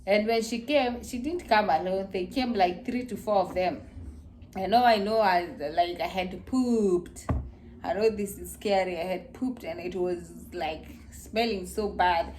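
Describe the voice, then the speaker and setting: A woman's voice: mid-range voice, measured pace, slight background noise. A young woman casually telling viewers her birth story, acting out her screams and the voices of others. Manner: animated, acts out her screams and quotes.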